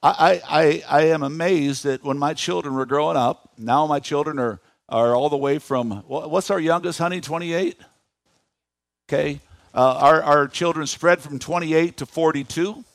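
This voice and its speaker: A man in his fifties preaching a sermon in a church, animated, asking the congregation questions. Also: a little high, moderate pace, gravelly, dry recording. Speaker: pastor.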